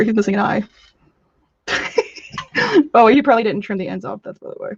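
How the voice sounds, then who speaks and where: A woman hosting a casual crafting livestream, chatting in a bubbly way with quick gushing asides while she demonstrates. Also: mid-range voice, vocal fry, husky, dry recording, muffled recording. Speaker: crafting channel host. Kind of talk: casual live-stream chat with demos.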